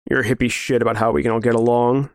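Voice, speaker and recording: A man's voice: mid-range voice, flat delivery, no room sound, clean studio sound, natural voice. A man playing a menacing, sneering brute. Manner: sneering, menacing, slow counting. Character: brutal bearded man, menacing, laughing at the world.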